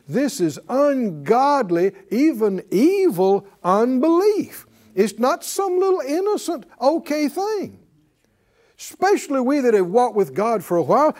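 A man's voice: extremely high pitch, big pitch swings, slow pace, darkish tone. A man teaching a Bible class in a preaching style, emphatic and calling on his audience for responses.

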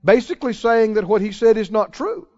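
A man preaching a sermon, emphatic, repeating key phrases and slowing down to stress scripture. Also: sits high, very animated, warm tone. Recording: dull lo-fi sermon recording.

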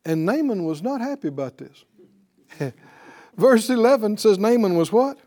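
A man teaching a Bible class, telling the story in an animated way and chuckling often. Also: high-pitched, moderate pace.

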